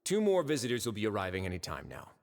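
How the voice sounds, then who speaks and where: A man's voice: fairly low pitch, huge pitch swings, fast talker, in a large hall. A man voicing a suave male prison warden with a wry, drawling manner. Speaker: game character.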